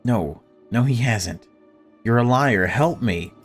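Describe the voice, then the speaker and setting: A man voicing a frantic, grieving mother in a horror game, pitching his voice up. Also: expressive, slow, soft background music. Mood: desperate.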